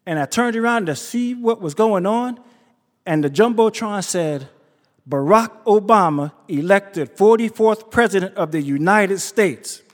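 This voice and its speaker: A man telling a true story live on stage, animated and acting out the voices of people he quotes. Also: unhurried. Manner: animated, acts out quotes with big pitch jumps. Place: theater stage before an audience. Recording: live stage recording with hall reverb.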